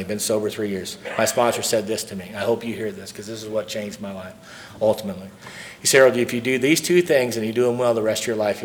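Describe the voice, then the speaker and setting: Middle-aged guy from st louis giving an aa talk, lowish voice, earnest, faint room hum behind. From St. Louis, Missouri. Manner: earnest, storytelling, repeats key lines. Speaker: AA speaker. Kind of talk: recovery talk to a live audience.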